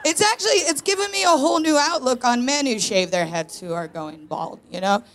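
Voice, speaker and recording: A woman's voice: high-pitched, lively intonation, fairly quick, slight background noise. A woman in her thirties doing a confessional, self-mocking stand-up set on a live stage, telling stories with punchy asides. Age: 30s. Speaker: stand-up comedian, co-host. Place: live stage in a tent venue before an audience.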